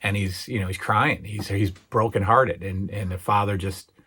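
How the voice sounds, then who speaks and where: A middle-aged man hosts his own channel, chatting casually and hesitantly about memorable TV moments with plenty of fillers, restarts, and a touch of emotion. His voice is fairly low and bright with a breathy edge and a pushed quality, his intonation fairly even at a moderate pace. Retelling scenes gets him emotionally worked up.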